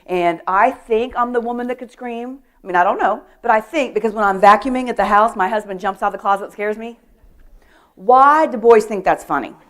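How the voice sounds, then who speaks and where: Lively woman telling safety stories. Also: a little high, brisk. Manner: lively storytelling, acts out quotes, asks the audience questions. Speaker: guest speaker on personal safety. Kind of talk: animated talk to a women's church group.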